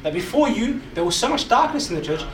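A man's voice: high-pitched, big pitch swings, fast talker. A man preaching to a live group, emphatic and repetitive, constantly checking in with questions to the audience. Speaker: preacher, youth speaker. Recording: echoey hall, mic far off, audible noise.

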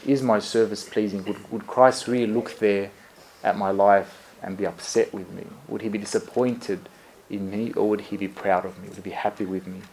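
A priest giving a conversational sermon, telling stories in a relaxed way with lots of fillers and self-corrections, often laughing at himself. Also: male voice, lowish voice, normal speed, slight background noise.

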